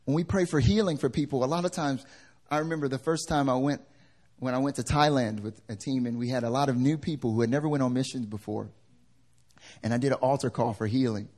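A male pastor preaching a sermon in a lively way. He swings from loud to hushed and acts out the people in his stories. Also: mid-range voice, fast.

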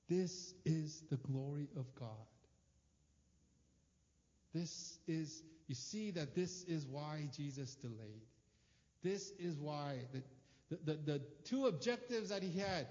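A man preaching a sermon with emphatic, repetitive phrasing that swings between soft and loud. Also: mid-range voice, unhurried. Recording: dull sound with long hall reverb.

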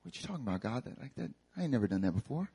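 A man's voice: medium pitch, very animated, very fast, gravelly, warm tone, husky, full character voice. A man preaching a sermon, voicing a flustered, stubborn old Moses who talks in slang and sounds incredulous.

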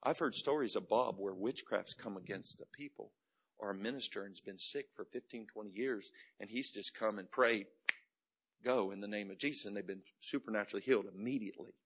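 A middle-aged man preaching a sermon as a pastor, telling a story dramatically and moving between loud and hushed delivery. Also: on the low side, a little fast, slightly rough.

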